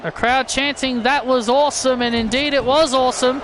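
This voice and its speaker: Very high-voiced man shouting play-by-play. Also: normal speed. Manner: excitable, often shouting calls. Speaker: gaming commentator. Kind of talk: excited play-by-play commentary over a wrestling video game. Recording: loud game crowd and noise behind. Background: wrestling game crowd noise.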